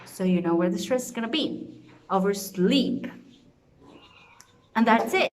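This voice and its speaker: A woman's voice: a little high, animated, brisk, roomy sound, low-quality recording. Young Colombian woman explaining word stress. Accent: Colombian Spanish. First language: Spanish. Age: young adult. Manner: casual, encouraging teacher tone with fillers. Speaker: student presenter. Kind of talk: explaining phonetics rules to a class.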